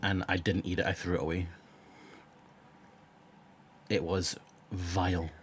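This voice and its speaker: A man's voice: low-pitched, little pitch movement, unhurried, slight background noise. Blunt man with a sore throat. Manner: blunt, rambling, swears freely. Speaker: live streamer reading chat. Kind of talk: casual live-stream chat.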